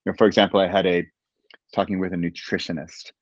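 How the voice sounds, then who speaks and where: A man who is a guest author, telling stories in a casual, animated way with frequent restarts. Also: low voice, quick pace, no echo. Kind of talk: casual interview chat. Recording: dull, dry lo-fi audio.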